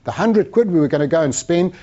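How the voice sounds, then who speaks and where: A man's voice: fairly high pitch, quick pace, highs cut off. A man giving a motivational talk as a sales trainer, telling stories and acting out the dialogue. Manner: animated storyteller acting out dialogue.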